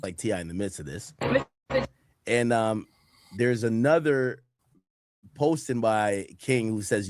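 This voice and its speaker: A man's voice: on the low side, unhurried, long pauses, darkish tone, no room sound, clean studio sound. A man in casual commentary, reading social posts aloud in a matter-of-fact way.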